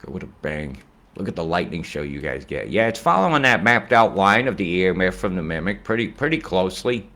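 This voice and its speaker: A man giving a casual weather forecast in a rambling, excitable way, often swearing and slipping into rhymes. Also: low voice, brisk.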